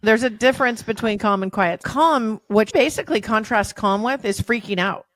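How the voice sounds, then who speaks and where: A woman's voice: on the high side, moderate pace, fairly bright tone. A woman hosting a podcast, leading a thoughtful casual discussion. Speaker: podcast host. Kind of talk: casual chat.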